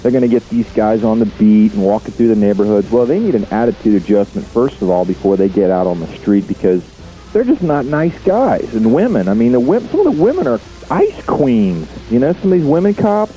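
A man's voice: medium pitch, very animated, fairly quick, mellow, soft background music, rough recording. A man calling into a radio talk show, laid-back and rambling with hesitant fillers. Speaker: caller. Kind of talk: casual radio call-in.

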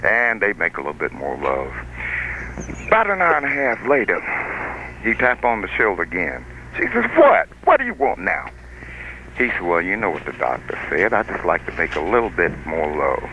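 A man's voice: sits low, wildly swooping pitch, normal speed, noisy background. An older man calling in to a radio show by telephone, telling long jokes in a folksy, drawling storyteller way. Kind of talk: casual joke telling on a call-in radio show. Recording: muffled phone line.

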